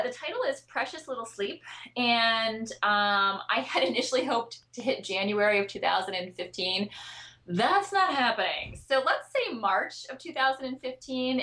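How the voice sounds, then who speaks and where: A woman with a bright, forceful, mid-range voice appears as a guest expert on child sleep in a podcast interview. She comes across as earnest and chatty, often using fillers and restarting her sentences.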